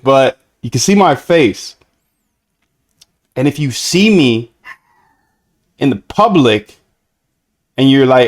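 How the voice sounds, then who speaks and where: A young man hosting a live coding stream, talking in a relaxed, slangy way to his chat. His voice sits in a middle pitch and drifts between a flat monotone and sudden animated bursts. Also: takes it slowly, pauses often. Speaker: trading bot streamer.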